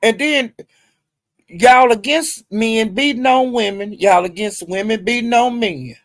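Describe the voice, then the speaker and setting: A woman's voice: measured pace, dry recording, clean studio sound. Cussing, laughing woman streaming live. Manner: talks straight to chat viewers by name, laughs a lot, heavy cursing; swings between loud outbursts and low mutters. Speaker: livestream host. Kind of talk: casual livestream commentary.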